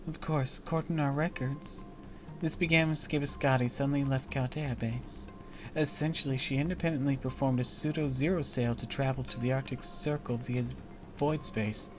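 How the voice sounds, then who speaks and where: A man reading as a soft-spoken young woman assistant. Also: mid-range voice, fairly even intonation, moderate pace, faint music behind, lightly acted. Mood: hushed. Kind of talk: reading game dialogue aloud.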